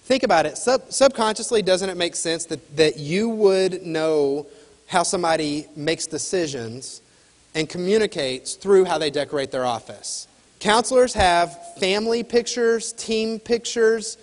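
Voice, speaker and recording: High-voiced man giving a keynote. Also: measured pace. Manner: animated, acts out dialogue. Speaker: keynote speaker and sales trainer. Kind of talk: keynote speech with storytelling. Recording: reverberant hall.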